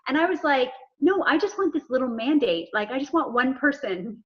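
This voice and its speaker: A high-pitched woman speaks in a relaxed interview, animated as she plays out little exchanges of dialogue. The sound is dull and somewhat lo-fi. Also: a little fast. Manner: animated storyteller acting out dialogue. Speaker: executive coach, guest. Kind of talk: casual interview conversation.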